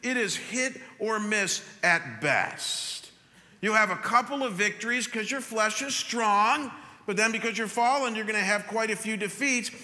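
A man preaching a sermon as pastor, talking straight to his congregation in an animated way. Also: sits high, measured pace. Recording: long hall reverb.

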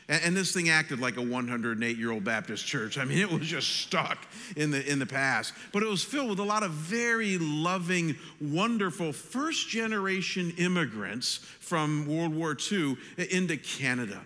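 An American man preaching a sermon as pastor, animated, climbing loud on his questions and slowing down to stress points. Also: a little high. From United States. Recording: long reverb of a large hall.

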